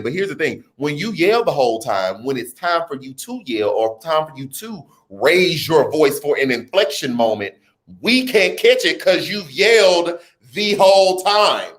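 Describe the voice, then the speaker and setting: An animated man hosts a casual live stream, his voice bouncing high and low as he riffs on viewer comments. He talks in relaxed slang and often breaks into laughter, and his voice sits a little higher than most men's. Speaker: livestream host.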